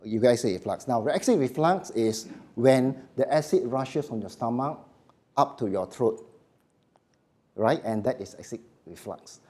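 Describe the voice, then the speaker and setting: A middle-aged man leads a live voice workshop. His warm, mellow voice rises and falls a lot. He speaks in short, emphatic phrases and keeps asking his audience questions. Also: medium pitch, expressive, unhurried. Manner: emphatic, often asks "Okay?" and "Why?", short phrases. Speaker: voice coach giving a workshop. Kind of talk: live seminar lecture.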